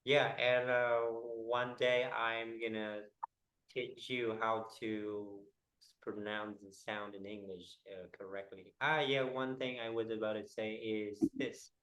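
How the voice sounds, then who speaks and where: A man teaching a one-on-one English pronunciation lesson, explaining haltingly with many fillers. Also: fairly low pitch, steady tone, fairly bright tone, poor audio.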